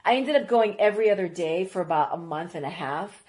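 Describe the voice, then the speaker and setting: A woman guest who grew up in Iraq, telling stories in a casual interview, rambling with quick asides. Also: on the low side, animated, darkish tone.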